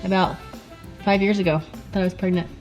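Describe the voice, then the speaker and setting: A woman in her thirties, a mother telling animated stories to her teen daughter while sitting in a parked car in a garage. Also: fairly quick, soft background music, poor audio. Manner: animated, laughing, quotes herself in high voice. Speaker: mother answering questions. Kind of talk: casual storytelling chat.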